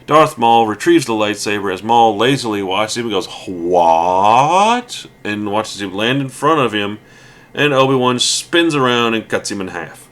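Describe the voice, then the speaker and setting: A man's voice: lowish voice, moderate pace, fairly bright tone. A man giving casual, rambling let's play commentary, ranting with lots of fillers and restarts.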